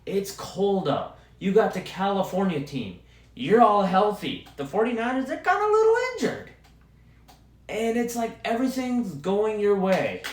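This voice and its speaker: Man ranting profanely about football. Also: mid-range voice. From Wisconsin. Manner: profane, heated sports ranting. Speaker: podcast host. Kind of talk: solo podcast rant about football. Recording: roomy echo.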